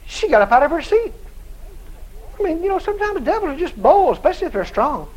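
A man preaching a sermon through a dramatic story, animated and bursting into shouts. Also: very high-pitched, quick pace, rough recording.

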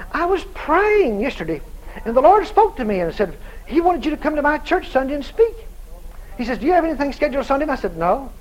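A man's voice: extremely high pitch, poor audio. A male preacher telling a story in a sermon, acting out both sides of the conversation and often laughing as he tells it.

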